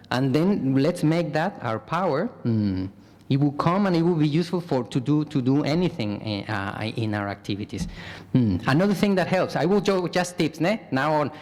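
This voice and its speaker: Male monk, slightly high voice, engaging Dhamma talk that draws in the listeners, long hall reverb. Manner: engaging, asks the audience questions, acts out example phrases; warm address, repeatedly says "my dear family". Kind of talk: dharma talk to a live audience. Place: large temple hall.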